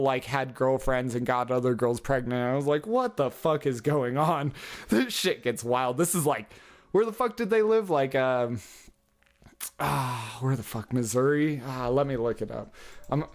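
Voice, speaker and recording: A man hosting a podcast alone, rambling casually with heavy swearing and frequent chuckles. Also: medium pitch. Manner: rambling, heavily profane, chuckles often. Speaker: podcast host. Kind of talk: casual solo podcast monologue.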